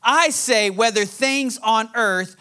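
Slow, impassioned male preacher. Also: high voice, bright, forceful tone, smooth. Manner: impassioned, emphatic preaching that reads scripture aloud. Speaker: pastor. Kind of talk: sermon.

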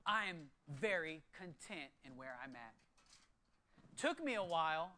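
Preaching to his congregation at a measured pace, a pastor in his thirties shifts between quiet, earnest low tones and sudden bursts of excitement.

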